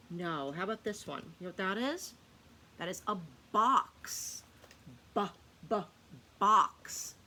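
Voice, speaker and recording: Her voice is on the low side and sharp in tone, with slight hiss or hum in the recording. She leads a phonics lesson for young children, patiently sounding out words and posing questions she answers herself.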